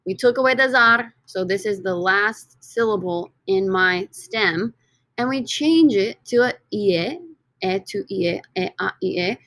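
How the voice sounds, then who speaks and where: A Spanish teacher delivers a recorded lesson from slides in an upbeat, teacherly manner, frequently drawing words out slowly for emphasis. Her voice is mid-range and a bit bright, with no echo.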